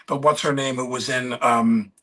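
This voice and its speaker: A man as a podcast guest, telling rambling anecdotes and pausing to search for names mid-story. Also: medium pitch, fairly even intonation, pushed and bright.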